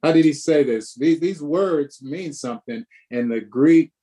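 A man's voice: fairly high pitch, measured pace, dark tone, breathy edge. Pastor guy leading bible study, keeps asking questions, repeats himself. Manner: questioning, repeats words, emphatic. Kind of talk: conversational Bible study discussion.

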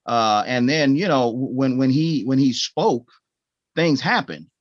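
A man's voice: medium pitch, animated, measured pace, no echo. A man in a Bible study group, building his point with preacherly emphasis. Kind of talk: conversational Bible study discussion. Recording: dry, dull lo-fi audio.

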